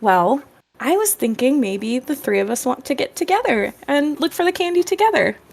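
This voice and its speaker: A sweet, scheming young girl, put on by a woman coaxes in a sugary voice pitched fairly high. She sounds sweet but is always angling for something. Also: expressive, normal speed, gravelly. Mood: coaxing.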